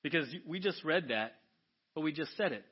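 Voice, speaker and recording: Animated preaching man, high-ish voice. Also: normal speed, husky, lo-fi sound. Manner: animated, swings from hushed asides to loud exclamations. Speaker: pastor. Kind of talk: sermon. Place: church sanctuary.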